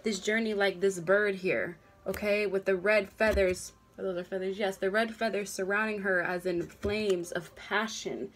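A woman doing a relaxed tarot reading for her viewers, chatty and loose, drawing words out and checking in with "okay?" every few lines. her voice sits at an ordinary pitch, neither high nor low, and she sounds like she's at her desk at home. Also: slight background noise. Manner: chatty, drawn-out words, frequent okays. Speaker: tarot reader. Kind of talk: casual tarot reading to camera. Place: home workstation. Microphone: desk camera at a workstation.

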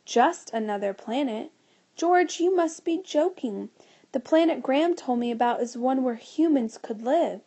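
A woman's voice: high-pitched, animated, unhurried, mellow, full character voice. A woman voicing a stern adult scientist who explains and lectures in a storybook reading. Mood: lecturing.

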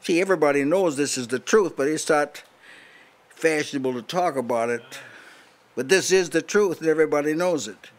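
An older man preaches in a house church meeting, pressing his points hard and challenging his listeners. His voice sits a little high for a man, and he often breaks off and restarts his sentences as he drives home each point. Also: a little fast. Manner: emphatic, challenging, with frequent restarts. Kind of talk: sermon.

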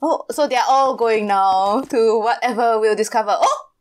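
A let's play commentator casually talks through a game she's playing, giggling often and musing aloud with puzzled asides as she reacts. Her voice is on the high side, at a moderate pace.

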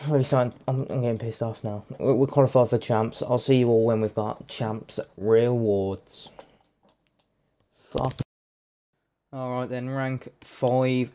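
A young man commentating his own football video game, sweary, excitable and full of jokey banter. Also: mid-range voice. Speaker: gaming YouTuber. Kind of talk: live gameplay commentary.

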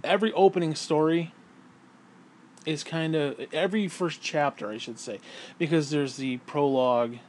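A man's voice: fairly high pitch, normal speed, darkish tone, a little hiss or hum. Rambling, cursing man telling stories. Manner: rambling, profane, laughs at own stories. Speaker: vlogger and self-published author. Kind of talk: casual storytelling vlog. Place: indoors, lying in bed.

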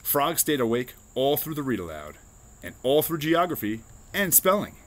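Expressive man reading a picture book. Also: mid-range voice, moderate pace. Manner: expressive, storytelling. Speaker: reader.

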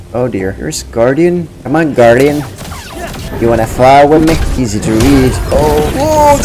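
A man's voice: a little high, gravelly. A man chatting playfully while playing a video game, with lots of exclamations and laughs. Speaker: gaming streamer. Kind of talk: let's play commentary. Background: game music.

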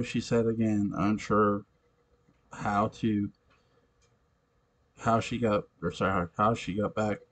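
Male amateur narrator, low-pitched, very slow, halting fan-story reading. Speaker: story reader.

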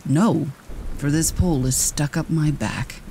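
A man voicing a friendly, humble male scarecrow made of straw, with a husky, slow, gentle way of speaking. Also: on the high side, a little hiss or hum, poor audio. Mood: weary.

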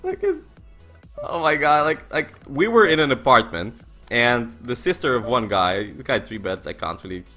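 Man, twenties, bright forceful voice, rambling, filler-heavy, swearing, casual stream chat. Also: lowish voice. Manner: excitable storyteller, laughing. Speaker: poker streamer and coach. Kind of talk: casual live-stream chat while playing poker.

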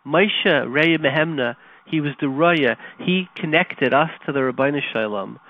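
A man hosting a radio talk show, telling a story and teaching Torah, animated and conversational, dropping to quiet retellings. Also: mid-range voice. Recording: tinny phone-like line, dry.

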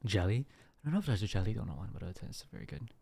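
A man's voice: low voice, sing-song, fast, vocal fry, slightly rough, no room sound. A man streaming casually to his viewers with a sore throat, rambling with many restarts. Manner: rambling, restarts, soft laughs.

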